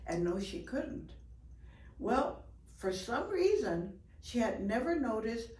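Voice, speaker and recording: An older woman telling a folk story in a lively, expressive way, with gasps for effect. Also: on the high side, slight background noise. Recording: roomy, from far off.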